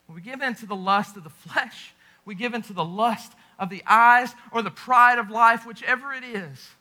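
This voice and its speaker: Man, sermon, very high voice, sharp bright tone, impassioned then hushed. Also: normal speed, few pauses. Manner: impassioned preaching with dramatic drops to a hush. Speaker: pastor.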